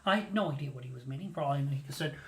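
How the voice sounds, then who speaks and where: A host recounting a mishap in a loose, casual way. He is animated and self-mocking, and he slips into the voices of the people in his story. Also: mid-range voice, racing. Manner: animated, self-mocking, acts out quoted lines. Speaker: podcast host telling a story.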